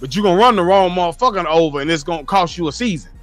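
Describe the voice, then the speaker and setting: A man reads his chat on a casual livestream and lectures viewers in a blunt, profane manner. His high-pitched voice is animated and very fast, with soft music in the background.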